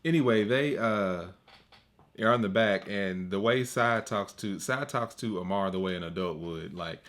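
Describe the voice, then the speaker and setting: Animated man telling family stories. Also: normal speed. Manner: animated storyteller, acts out quotes in high voices. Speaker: podcast co-host. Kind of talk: casual chat.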